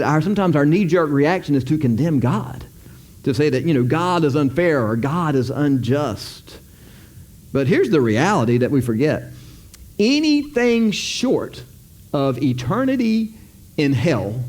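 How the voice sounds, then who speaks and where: A man's voice: a little high, a little mellow. A male pastor preaching a sermon in a casual, joking, conversational way.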